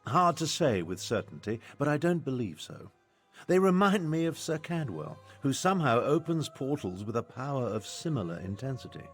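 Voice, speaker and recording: An actor playing a pompous, self-important older imperial battle mage in a video game, lecturing with an air of superiority. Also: male voice, mid-range voice, very animated, moderate pace, faint music behind, lightly acted.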